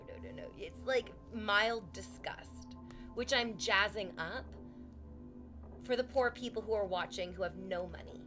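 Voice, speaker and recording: A woman's voice: medium pitch, a little slow, sharp tone, soft background music. A woman streaming from home, chatting casually with her viewers in a sarcastic, teasing way and swearing freely.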